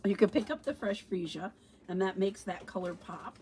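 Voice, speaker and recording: A woman's voice: medium pitch, animated, moderate pace, dark tone, a little hiss or hum. A middle-aged woman demonstrating paper crafts on a casual livestream, chatty and thinking aloud, with fillers and a touch of allergy sniffles. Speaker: stamping demonstrator.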